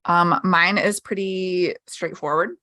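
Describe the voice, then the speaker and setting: Upbeat female co-host, low-ish bright voice, casual. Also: fairly even intonation, takes it slowly, dry recording, clean studio sound. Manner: upbeat, chatty, many "um"s. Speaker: podcast co-host. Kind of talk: casual chat.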